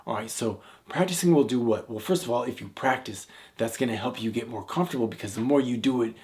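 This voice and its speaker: A man's voice: medium pitch, quick pace, a little mellow. A man giving a seated, direct-to-camera coaching tutorial, talking conversationally and often checking in with "all right?". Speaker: video confidence coach. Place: indoors, seated.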